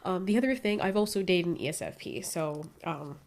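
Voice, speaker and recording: A young woman in casual chat, telling lively stories and acting out what people said, often breaking into laughs. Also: fairly low pitch, brisk. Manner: animated storytelling, acts out quotes with laughs. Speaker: vlogger.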